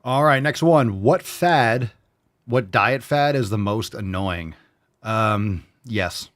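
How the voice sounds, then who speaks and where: A man's voice: on the low side, animated, slow pace, a bit bright. A man hosting a fitness show in casual livestream chat, brash and joking, swearing freely.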